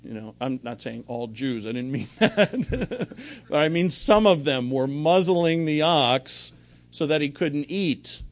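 A man's voice: on the high side, lively intonation, unhurried. A middle-aged man preaching a sermon in a conversational, rambling way, full of anecdotes and restarts. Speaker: pastor.

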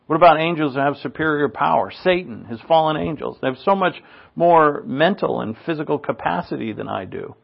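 A man's voice: expressive, a little fast, gravelly. Earnest male preacher, lo-fi sound. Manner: earnest, rising in pitch on rhetorical questions. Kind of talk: sermon.

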